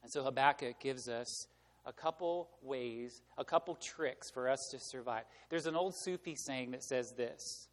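A pastor gives a sermon in a church sanctuary, talking to the congregation in a conversational style and asking them rhetorical questions. He has a medium-pitched voice and speaks a little slowly, and the long hall reverb lingers on every word.

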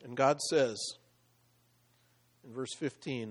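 A man's voice: a little high, animated, measured pace, long pauses. Conversational man preaching a sermon. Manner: conversational, with fillers and laughs, voicing God in paraphrase. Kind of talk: sermon with scripture reading.

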